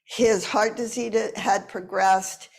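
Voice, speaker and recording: A woman in her seventies, a movement teacher, telling a personal story slowly and expressively. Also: mid-range voice, vocal fry. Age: 70s. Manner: slow, deliberate, expressive.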